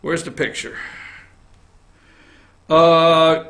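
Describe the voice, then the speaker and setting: A man hosting an opinion show from an office, animated, jumping between loud outbursts and muttered asides. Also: a little high, measured pace. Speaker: host. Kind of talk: opinion commentary on news and politics.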